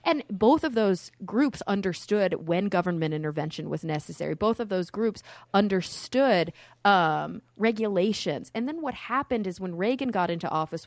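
Casting: American woman, low register, outspoken and animated guest, dry close sound. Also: no echo. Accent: none, no Southern accent. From Texas, USA. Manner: outspoken, animated, talks in long rambling stretches. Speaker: guest, science communicator. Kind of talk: casual podcast interview.

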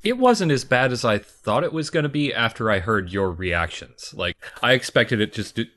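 A man's voice: medium pitch, expressive, moderate pace, a bit bright. A man in a casual movie review chat, talking bluntly and swearing freely.

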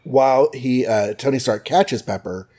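A man co-hosting a podcast, casually recapping an old comic book with jokes and quick quoted voices. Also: mid-range voice, warm tone. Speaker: podcast co-host.

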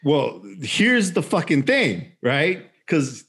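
A man in his forties casually chatting as a podcast co-host, telling an animated story with swearing and acted-out quotes. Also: on the high side, takes it slowly, slightly rough. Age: 40s. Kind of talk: casual chat.

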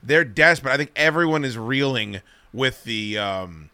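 A man co-hosting a casual podcast, rambling and profane, breaking into loud laughter. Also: medium pitch, lively intonation, moderate pace, smooth, no echo. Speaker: podcast co-host. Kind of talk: casual banter.

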